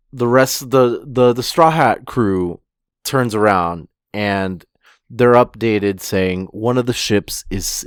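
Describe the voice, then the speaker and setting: A man's voice: mid-range voice, dry recording, clean studio sound. A man co-hosting a podcast, chatting casually and unhurriedly, swearing now and then. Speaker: podcast co-host. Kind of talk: casual chat recapping a manga chapter. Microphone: podcast microphone.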